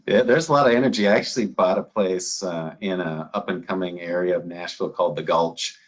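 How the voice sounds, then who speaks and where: A man's voice: low voice, fairly quick, dull audio. A man from northern Minnesota with a Minnesota accent, a chief medical officer speaking as an interview guest in an easygoing, folksy way. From northern Minnesota, USA. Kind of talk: conversational interview.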